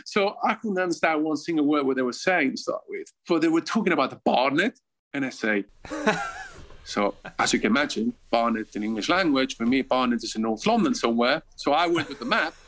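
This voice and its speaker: Expressive and a little fast, his medium-pitched, slightly bright voice comes through a low-quality recording. The speaker, a Swiss-accented former footballer in his fifties from Switzerland, rambles through casual stories as an interview guest, chuckling frequently and restarting lines.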